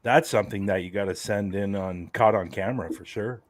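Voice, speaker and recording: A man's voice: lowish voice, a little fast, no room sound. A man joining a paranormal talk show, joking around in casual banter. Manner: joking, lively. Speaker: paranormal investigator co-host.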